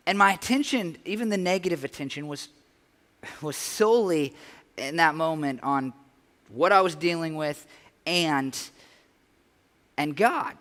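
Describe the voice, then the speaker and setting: Pastor de voz aguda num salão ecoante. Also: male voice, fairly high pitch, measured pace, pauses often, fairly bright tone. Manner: conversational, earnest, many restarts. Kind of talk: sermon. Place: church sanctuary. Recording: long church hall reverb.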